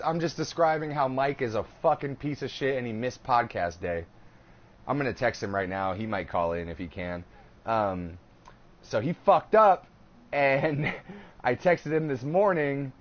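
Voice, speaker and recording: A man co-hosting a casual podcast, telling an animated, profane story. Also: mid-range voice, a little slow. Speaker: podcast co-host. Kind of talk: casual chat. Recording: dull lo-fi live stream audio.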